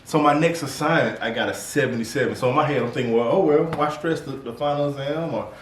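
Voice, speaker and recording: A man co-hosting a podcast, relaxed and tired, telling casual family stories with laughs. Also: medium pitch, quick pace. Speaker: podcast co-host. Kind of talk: casual storytelling. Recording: echoey room, from a distance, faint noise.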